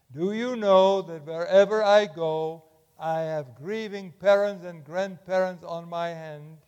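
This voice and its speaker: An older man preaching a sermon in a church, impassioned, swinging from loud urging to hushed tones. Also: on the high side, clear, resonant tone, in a large hall.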